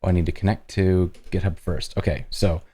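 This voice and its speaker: A man hosting a live-coding stream, casually talking through each step as he works, with halting restarts. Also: deep voice, little pitch movement, dark tone, breathy edge.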